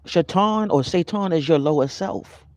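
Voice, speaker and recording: Speaking at a normal speed in a fairly high-pitched voice, a spiritual vlogger gives viewers a laid-back motivational talk about spirituality. He's animated and conversational, welcoming live viewers by name as he goes. The recording sounds dry and dull.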